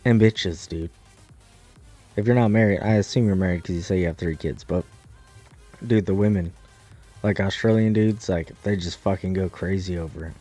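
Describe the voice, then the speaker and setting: A young American man streaming, chatting casually in a profane, rambling, animated way. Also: sits low, moderate pace, long pauses, soft background music. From United States. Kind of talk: casual chat while gaming.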